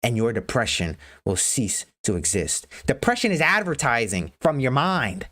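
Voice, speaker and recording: A woman's voice: very deep voice, huge pitch swings, moderate pace, hardly any pauses, fairly bright tone. A woman livestream host giving a blunt, profane motivational rant.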